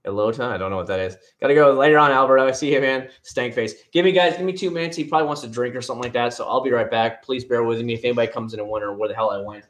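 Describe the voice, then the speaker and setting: A man's voice: mid-range voice, rapid-fire, few pauses, fairly bright tone. Man, livestream host, casual rambling chat, answers viewers by name, talks into a headset at home.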